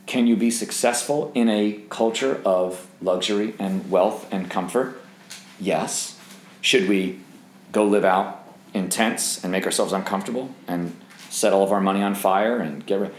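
A man with a low-sitting voice leads a Bible study for young singles, keeping it conversational as he quizzes the group and cracks jokes. The recording has a roomy echo and slight background noise.

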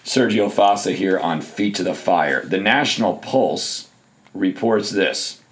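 A man hosting a political commentary podcast in a hoarse, scratchy, low voice, making his points emphatically and stacking up repeated phrases. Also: a little slow. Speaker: podcast host.

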